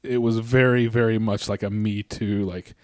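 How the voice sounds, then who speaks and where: A man's voice: on the low side, little pitch movement, moderate pace, a little mellow, no room sound, clean studio sound. A man co-hosting a podcast, ranting casually with lots of restarts and fillers. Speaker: podcast co-host. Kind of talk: casual rant.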